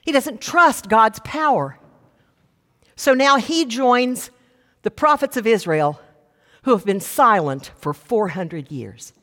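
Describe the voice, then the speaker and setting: A woman preaching a sermon, teaching with expressive retellings and asides. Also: fairly high pitch, takes it slowly. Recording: long reverb of a large hall.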